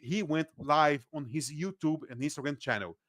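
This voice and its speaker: A Brazilian man, a native Portuguese speaker with a Brazilian accent, appears as a guest political analyst on a casual podcast. He's animated, laughs easily, and often restarts his sentences. His voice sits on the high side, and the studio-quality recording has no echo.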